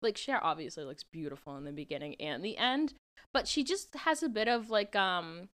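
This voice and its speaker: Lively young woman chatting casually. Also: mid-range voice, normal speed. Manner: lots of filler likes, earnest and reflective. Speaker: podcast co-host. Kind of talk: casual chat.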